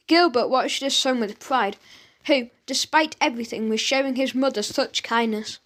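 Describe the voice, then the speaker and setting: A woman narrating a children's audiobook in an expressive storytelling manner. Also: high voice, moderate pace.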